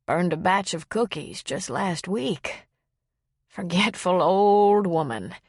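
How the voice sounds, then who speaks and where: A woman's voice: on the low side, expressive, dry recording, studio quality, exaggerated voice. A woman playing a frail, forgetful old woman. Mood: rueful. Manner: slow, soft, wavering speech. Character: frail forgetful elderly woman, gentle and apologetic.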